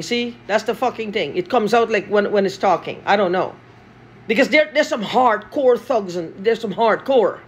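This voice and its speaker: A woman's voice: mid-range voice, breathy edge. A woman from Guyana, talking in an angry, profane monologue and repeating herself.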